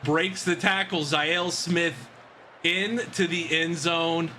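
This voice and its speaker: A man giving excited play-by-play commentary on a football video game he is playing, shouting and laughing. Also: a little high, slow, slight background noise. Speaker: game streamer.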